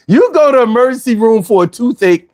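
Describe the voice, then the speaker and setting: High-voiced, profane man riffing on stream. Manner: profane, animated, riffs into rhymes. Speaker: podcast host reading chat comments. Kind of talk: casual livestream chat.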